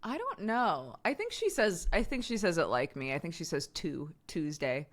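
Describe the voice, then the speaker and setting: A woman's voice: mid-range voice, huge pitch swings, moderate pace. An American woman in her thirties, a streamer chatting casually with viewers, laughing often and filling her talk with "like.".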